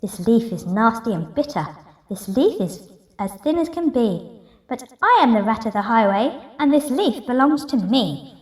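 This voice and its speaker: A woman voicing a greedy, boastful male rat highwayman in a gruff, swaggering voice, reading a picture book aloud. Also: lively intonation, normal speed, darkish tone, close to an everyday voice. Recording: roomy echo, distant mic.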